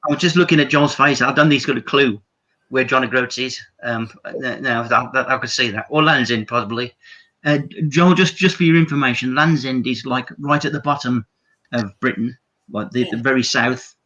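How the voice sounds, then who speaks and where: A man's voice: mid-range voice, normal speed, bright, forceful tone, lo-fi sound. A man who is a regular on a chat show, bantering casually and calling people mate. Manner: chatty, says mate. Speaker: regular panelist.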